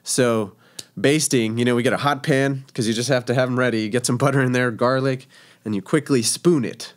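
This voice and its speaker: A man's voice: medium pitch, fairly even intonation, brisk. A man, a professional chef from Texas, telling stories in a casual interview, chatty and laughing, with many fillers.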